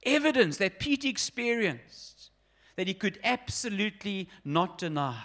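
A man's voice: high-pitched, big pitch swings, moderate pace, a bit bright. A man in his forties preaching an earnest, emphatic sermon and speaking directly to his congregation. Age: 40s. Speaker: pastor.

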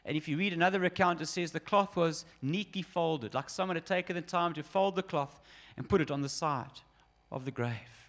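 A man's voice: on the high side, brisk, a bit bright. A man in his forties preaching an earnest, emphatic sermon and speaking directly to his congregation. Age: 40s. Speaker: pastor.

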